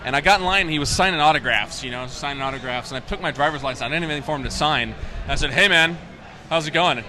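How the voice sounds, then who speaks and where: A man, a game developer, talks about his game and tells stories in a casual interview. He sounds enthusiastic and animated throughout. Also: mid-range voice, rapid-fire, a crowd in the background.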